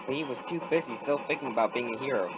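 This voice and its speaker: A man narrating a storybook in a plain, steady way. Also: mid-range voice, racing, dull audio. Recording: music behind the voice.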